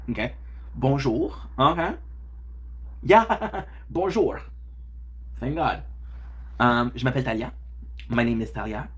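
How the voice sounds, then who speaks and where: A man's voice: mid-range voice, husky. Playful man joking with his viewers. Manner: playful, joking, teasing banter. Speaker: streamer chatting with viewers. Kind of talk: casual live-stream chat.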